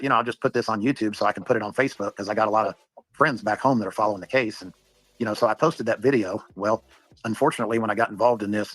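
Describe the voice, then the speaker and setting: Brief: low-voiced man, rapid rambling talk full of "uh" and "you know". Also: fairly bright tone, no room sound, rough recording. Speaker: interviewee in a clip. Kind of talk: casual storytelling.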